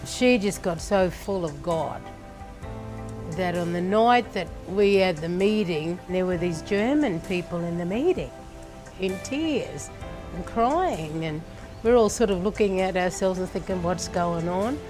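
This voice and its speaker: Slow, earnest Australian woman. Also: fairly low pitch, lively intonation, over music. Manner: slow, earnest storytelling with pauses and laughs. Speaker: church leader sharing testimony. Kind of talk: personal testimony.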